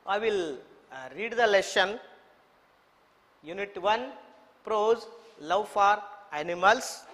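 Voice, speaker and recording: A man with an Indian English accent teaches children English, spelling each word letter by letter and repeating it. He speaks slowly in a high voice. The recording has a long, echoey reverb. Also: a bit bright. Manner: slow, repetitive, spells words letter by letter. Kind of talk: online English lesson for children.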